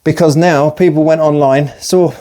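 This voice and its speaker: A personal trainer and fat-loss vlogger rants casually while working out at the gym, rambling, sarcastic and swearing freely. His voice is on the high side yet dark in tone, with fairly even intonation at a moderate pace.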